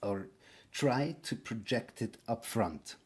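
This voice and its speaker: A man's voice: lowish voice, animated, takes it slowly, slightly rough. A man with a Swiss German accent giving a casual online pronunciation lesson, hesitant and full of fillers and restarts. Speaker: language teacher.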